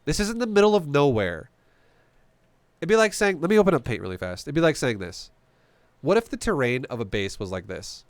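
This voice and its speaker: A man's voice: on the high side, very animated, a little fast, no room sound. A man giving casual, profane gameplay commentary, blunt and joking as he explains strategy. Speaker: game commentator.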